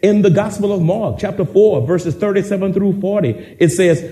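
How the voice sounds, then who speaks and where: A man's voice: sits high, normal speed, hardly any pauses, dark tone. A male pastor preaching a sermon with dramatic, repetitive call-and-response delivery.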